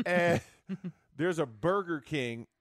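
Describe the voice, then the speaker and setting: Animated laughing man telling stories. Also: fairly high pitch, slow pace, no echo, studio quality. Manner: animated storyteller, laughs often. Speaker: former football player, co-host. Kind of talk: casual sports chat.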